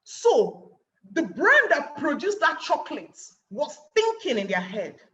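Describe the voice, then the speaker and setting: Nigerian woman, webinar speaker, lively sing-song delivery, rhetorical questions, dull lo-fi audio. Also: sits high, unhurried. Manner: animated, acting out little scenes and asking rhetorical questions. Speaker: guest speaker. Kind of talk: webinar talk.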